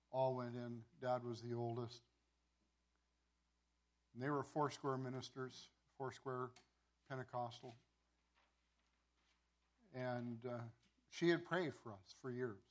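A pastor telling a sermon story, with many repeated words and restarts. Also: male voice, medium pitch.

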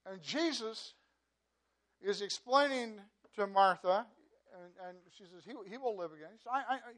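A man preaching a sermon in a conversational way, often repeating words and saying "you know", swinging between loud emphasis and quiet asides. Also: high-pitched, lively intonation, normal speed. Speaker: pastor.

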